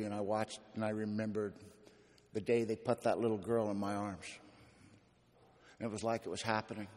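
A man's voice: lowish voice, darkish tone. A man giving an emphatic, wry personal testimony to an audience, telling his own story. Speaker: speaker sharing his recovery story. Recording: long echoing hall reverb.

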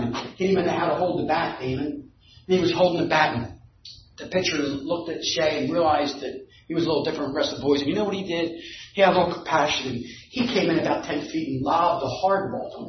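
A man with a high voice tells a lively story to a recovery group and climbs to shouting at the climax. He is caught from across an echoing meeting room on a dull, muffled recording with a faint hum of room ambience behind him. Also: quick pace. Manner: animated, building to shouting at the climax. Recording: echoey room, distant dull mic.

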